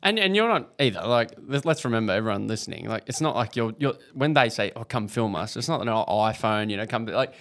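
A man's voice: lowish voice, expressive, fast talker, hardly any pauses, fairly bright tone. A man co-hosting a podcast, chiming in with supportive, jokey remarks. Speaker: podcast co-host. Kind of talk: casual podcast chat.

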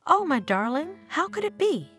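A woman's voice: fairly high pitch, sing-song, unhurried, faint music behind. A woman voicing a loving, worried middle-aged mother in an audio story, tender and reassuring. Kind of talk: storybook narration.

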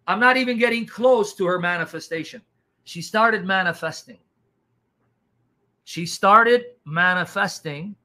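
A man telling a dramatic testimony as an evangelist, acting out what people did and said. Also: high-pitched. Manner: animated, dramatic, acts out reactions. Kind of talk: testimony storytelling.

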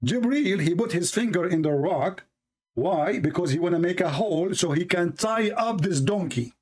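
Man, sarcastic debate host, mocking tone, slightly high voice. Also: lively intonation, a little mellow, breathy edge. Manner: sarcastic, reads texts aloud slowly, mimics opponents in a high voice. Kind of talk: mocking religious debate commentary.

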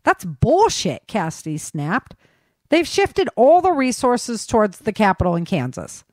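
A woman's voice: mid-range voice, sing-song, unhurried, darkish tone, no echo, clean studio sound, voice pushed up. A woman reading a passionate, defiant young woman.

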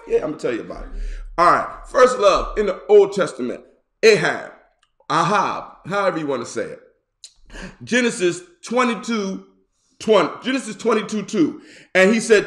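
Male bishop, hoarse, playful with loud outbursts, higher voice, roomy echo. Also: very animated. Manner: playful, joking, drawn-out repeats and sudden loud bursts. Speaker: bishop and pastor. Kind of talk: casual online sermon.

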